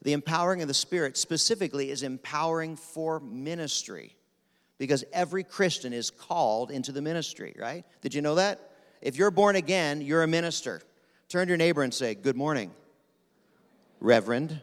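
Rapid-fire preacher in a reverberant hall. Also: male voice, fairly high pitch, smooth. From Pennsylvania. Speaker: guest preacher. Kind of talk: sermon. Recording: long reverb of a large hall.

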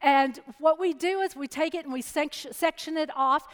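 A middle-aged woman preacher giving a sermon and telling a personal story in a lively, chatty way. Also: high voice, normal speed. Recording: long hall reverb.

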